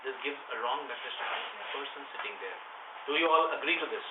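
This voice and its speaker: Animated man coaching a workshop. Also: medium pitch, quick pace. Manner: animated, coaxing, rises to a loud voice for stress. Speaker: public speaking trainer. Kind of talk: workshop teaching. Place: meeting room. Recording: echoey room from far off, phone-like, noisy.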